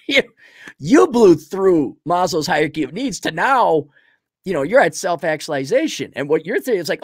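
A middle-aged man rambles through folksy, animated advice for a listener. His voice sits high for a man and leaps up and down. The sound is dry and close, with no room around it. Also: normal speed, long pauses, slightly rough, no echo. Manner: animated, rambling, folksy storytelling with sudden loud swings. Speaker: advice host answering a listener. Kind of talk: casual advice monologue.

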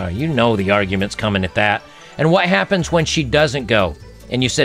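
A man's voice: medium pitch, very animated, a little fast, gravelly, fairly bright tone, faint music behind. A man hosting a casual commentary vlog, reading dating profiles aloud in a sarcastic, mocking way. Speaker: online commentator.

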